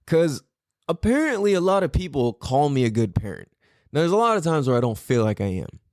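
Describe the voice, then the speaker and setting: On the high side and a little fast, a middle-aged podcast host's voice comes through a dry, studio-quality recording. His storytelling is casual, profane and animated, and he acts out his own quotes.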